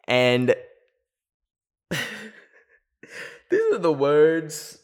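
A man's voice: fairly high pitch, huge pitch swings, extremely slow, long pauses. Rambling young man telling a story. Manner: rambling, heavy use of filler "like". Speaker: storytelling video host. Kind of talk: casual storytime.

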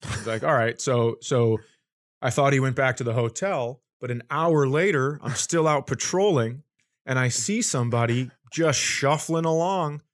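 A man in casual podcast conversation, telling a long comic anecdote at a middle pitch. He acts out the people he quotes and laughs along the way. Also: unhurried. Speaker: comedian guest.

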